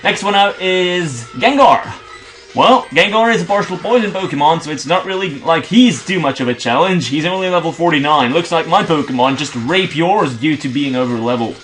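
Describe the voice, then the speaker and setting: A man's voice: a little high, animated, normal speed, a bit bright. A young man from Belgium giving casual, swearing commentary as he plays a video game. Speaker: video game let's play host. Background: faint game music.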